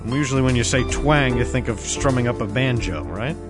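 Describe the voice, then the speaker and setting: A man's voice: medium pitch, a little fast, over music. Chatty male jazz radio DJ. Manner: chatty, self-deprecating asides. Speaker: radio DJ host. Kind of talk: casual radio DJ patter.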